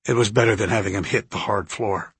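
A man with a husky voice reading a novel aloud in an even, steady narration. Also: on the low side, fast talker, dry recording. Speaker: audiobook narrator. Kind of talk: scripted narration.

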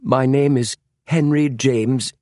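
A man voicing a nervous American gentleman writer who stammers and apologizes in a panicky way, read within an audiobook. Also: fairly low pitch, takes it slowly, no echo, clean studio sound. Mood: flustered.

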